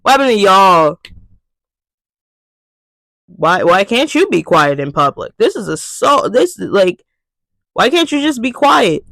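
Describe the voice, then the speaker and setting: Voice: mid-range voice, sing-song, measured pace, vocal fry, pushed and bright, no echo, poor audio. A vlogger ranting casually to camera, exasperated and profane, repeating phrases for emphasis.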